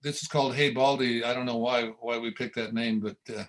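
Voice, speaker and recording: A man's voice: mid-range voice, fairly even intonation, fairly quick, rough recording. A man hosting a casual livestream show, easygoing and full of fillers. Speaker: show host.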